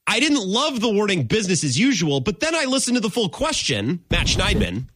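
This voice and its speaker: Animated, bright-voiced male sports radio host. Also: sits high, fairly quick, noisy background. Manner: emphatic, mock-exasperated ranting. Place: radio studio.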